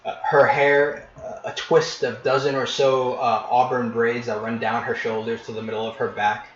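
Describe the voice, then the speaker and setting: Man, tabletop game master, descriptive narration, halting restarts, roomy echo, muffled lo-fi sound. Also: mid-range voice, little pitch movement. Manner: vivid descriptive narration with frequent pauses and restarts. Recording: echoey, dull lo-fi room recording.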